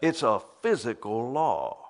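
A man's voice: mid-range voice, sing-song, unhurried. A man preaching a sermon, emphatic, often repeating words as he starts a phrase.

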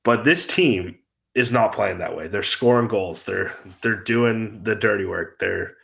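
Deep-ish guy hosting a hockey-style chat show, blunt and opinionated, casual talk. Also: measured pace, vocal fry, fairly bright tone. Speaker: podcast host. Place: remote, out of town.

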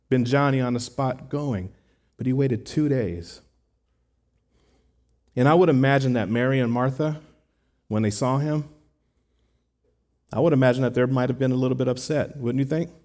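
Guy preaching a sermon, mellow warm tone, earnest and chatty with the crowd. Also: mid-range voice, normal speed, long pauses. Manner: earnest, conversational preaching with rhetorical asides. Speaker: pastor.

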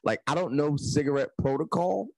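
A man, a podcast co-host, telling a story in casual chat, animated and laughing often. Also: a little high, a little fast, creaky, no room sound, low-quality recording.

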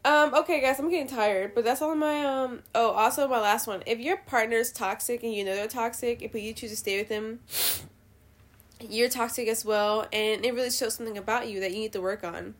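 A woman hosting a show, giving blunt, profane opinions in a casual, animated rant. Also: fairly high pitch, a little fast. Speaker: podcast host.

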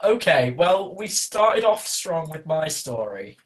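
A woman's voice: low-pitched, sing-song, slow pace, poor audio. A woman co-hosting a podcast, reacting with wry, incredulous remarks in casual chat. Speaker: podcast co-host.

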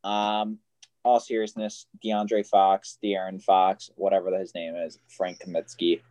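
A man's voice: deep voice, little pitch movement, measured pace, darkish tone. A man co-hosting a casual sports podcast, rambling and joking with frequent laughs.

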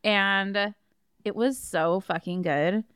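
A woman's voice: medium pitch, slow pace, a bit bright, clean tone, no echo, clean studio sound. A woman co-hosting a podcast in casual chat, laughing often and swearing freely. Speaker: podcast co-host.

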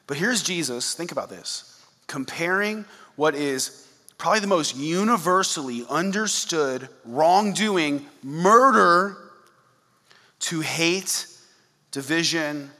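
A pastor preaching a lively sermon, reading scripture and breaking off into jokey asides. His voice is bright and forceful, pitched a little high for a man. The sound carries the long reverb of a large hall.

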